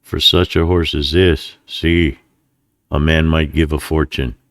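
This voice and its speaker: A man voicing a smooth, greedy Mexican cavalry colonel who speaks courteously and flatteringly. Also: rumbling low, a little slow, no room sound, clean studio sound, heavily acted. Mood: persuasive.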